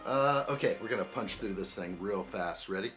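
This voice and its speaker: A man's voice: lowish voice, normal speed, a bit bright, faint music behind. A man hosting a building live stream, chatting in an upbeat way and greeting viewers by name. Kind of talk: casual live-stream chat while building.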